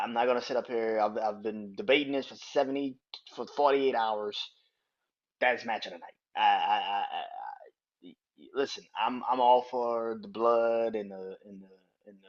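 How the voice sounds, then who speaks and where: A man's voice: mid-range voice, a bit bright, highs cut off. A man in his thirties hosting a podcast, ranting heatedly about wrestling with lots of profanity. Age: 30s. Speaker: podcast host. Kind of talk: casual wrestling rant.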